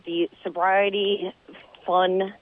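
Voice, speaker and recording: Male radio caller, monotone, halting, tinny phone-line audio. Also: sits high, dry recording. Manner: monotone, halting with many fillers. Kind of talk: casual chat.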